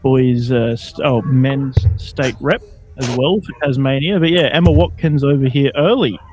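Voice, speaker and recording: A man commentating a live darts stream in a relaxed, rambling way, full of fillers. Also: mid-range voice, normal speed.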